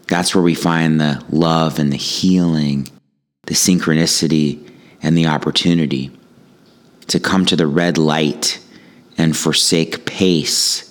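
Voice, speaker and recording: A man who teaches yoga and gives talks, telling a personal story with wry humor in a relaxed, reflective way. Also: very deep voice. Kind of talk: storytelling monologue.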